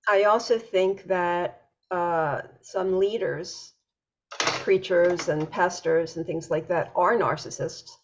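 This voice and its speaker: A woman's voice: on the low side, takes it slowly. Woman host with a dull lo-fi sound. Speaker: podcast host. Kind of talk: interviewing a guest.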